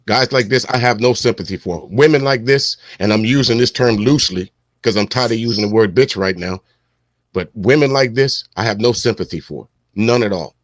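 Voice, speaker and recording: A man's voice: lowish voice, fairly quick. A man from South Carolina talks in a blunt, profane, fired-up way as he co-hosts a casual talk. His voice sits in a middle range, and the recording sounds close and dry with no room echo. He comments on clips bluntly and without hedging. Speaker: co-host.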